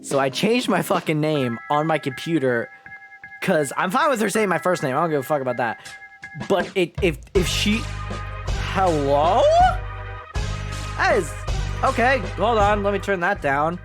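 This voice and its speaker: A woman's voice: fairly low pitch, sing-song, music in the background. A young woman streaming a game live, chatting casually, swearing and poking fun at herself. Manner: chatty, swearing, self-mocking, quick laughs.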